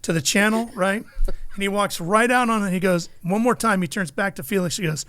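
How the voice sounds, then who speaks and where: A middle-aged man, a motorsports broadcaster, telling a story with lively energy in a podcast interview. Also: high voice, fairly quick, a little hiss or hum. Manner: lively anecdotal storyteller, acts out the people in his stories.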